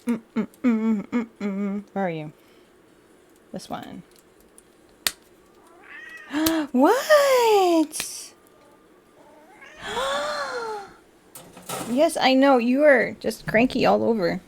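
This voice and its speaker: A young woman streamer chatting casually while building a model kit, animated and full of quoted back-and-forth. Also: high voice, drawn-out words, pauses often, noisy background. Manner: chatty and animated, with frequent laughs and quoted dialogue.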